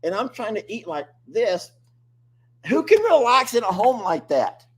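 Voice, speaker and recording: Husky, lively older man. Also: sits high, measured pace. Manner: animated, joking complaints, frequent laughs. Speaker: host. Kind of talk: casual live-stream chat.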